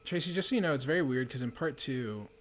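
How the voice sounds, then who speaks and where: A man's voice: mid-range voice, lively intonation, quick pace, a little hiss or hum. A man chatting casually while playing a video game, swearing and panicking at times. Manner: swears a lot, panicky outbursts. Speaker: let's play host. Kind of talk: casual gameplay chat.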